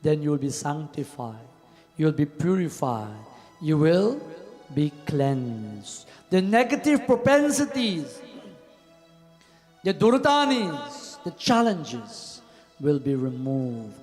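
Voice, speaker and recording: A high-pitched man preaches a devotional sermon as a pandit in a temple hall. He often sinks into a low murmur on repeated refrains. His voice carries a long reverb, with faint music underneath. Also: big pitch swings, takes it slowly, darkish tone.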